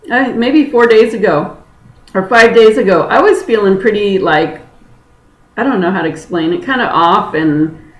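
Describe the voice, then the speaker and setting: Candid chatty woman in an echoey room. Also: mid-range voice. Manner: candid, chatty, earnest, laughs easily. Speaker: spiritual healer teaching a webinar. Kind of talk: informal spoken teaching. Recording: roomy echoey sound.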